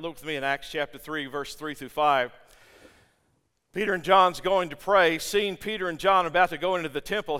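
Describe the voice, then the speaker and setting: High, bright-voiced older preacher in a reverberant hall. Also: male voice, smooth. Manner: impassioned, stammering restarts and rhetorical questions to the congregation. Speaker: pastor. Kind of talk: sermon. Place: church sanctuary. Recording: long church-hall reverb.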